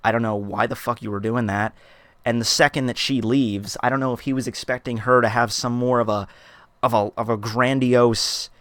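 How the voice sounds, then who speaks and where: A man's voice: mid-range voice, a little fast, fairly bright tone, no room sound. A man vlogging a story from his shop job, swearing a lot and acting out his customers in exasperated bursts. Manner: profane, exasperated, acts out quoted customers. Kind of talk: casual storytelling rant.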